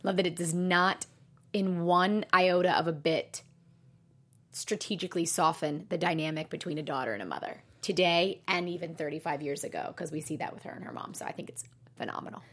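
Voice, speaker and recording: A woman co-hosting a casual chat about a TV show, emphatic and expressive, acting out quotes in a jumped-up voice. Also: lowish voice, a little fast. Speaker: podcast co-host.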